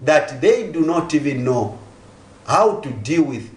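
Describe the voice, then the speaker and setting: An animated man, his voice rising and falling widely as he drives home one point after another. His pitch sits a little high for a man, and he hammers his arguments with repetition. The studio around him rings with echo. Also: unhurried. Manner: forceful, rhetorical, repeats key phrases. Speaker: political guest. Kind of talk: studio talk-show argument.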